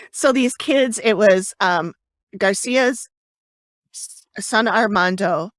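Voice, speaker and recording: A woman's voice: medium pitch, slow, dry recording, studio quality. A woman co-hosting a casual true-crime podcast, chatty and hesitant, with frequent fillers and restarts. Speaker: podcast co-host.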